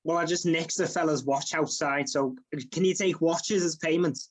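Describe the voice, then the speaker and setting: A man voicing a cheeky Scouse man ordering fast food, chummy and cocky, calling everyone mate. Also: fairly high pitch, steady tone, lightly acted. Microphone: video call.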